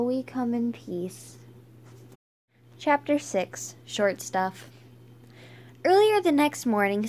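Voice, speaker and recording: A woman reading a children's book aloud, halting and stumbling with frequent restarts. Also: a little high, darkish tone. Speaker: reader.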